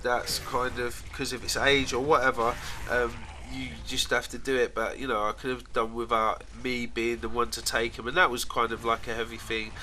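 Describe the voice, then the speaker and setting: A man's voice: medium pitch, level tone, moderate pace, hardly any pauses, sharp tone, a little hiss or hum. Rambling man telling stories. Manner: rambling, laughs often, trails off. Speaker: vlogger. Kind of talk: casual storytelling.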